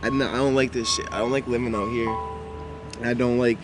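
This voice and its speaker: Young man, halting emotional testimony. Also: mid-range voice, fairly even intonation, over music. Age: 20s. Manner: halting, repeats himself, voice breaking with emotion. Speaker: documentary subject.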